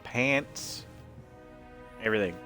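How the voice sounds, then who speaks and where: A man's voice: lowish voice, slow pace, sharp tone, soft background music. A man streaming a video game, joking, rambling and reading game text aloud in casual commentary.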